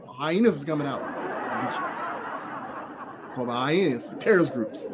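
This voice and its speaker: A man doing stand-up comedy, animated and repetitive, talking straight to the audience. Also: fairly high pitch, moderate pace. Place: comedy stage. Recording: live show, faint crowd and noise.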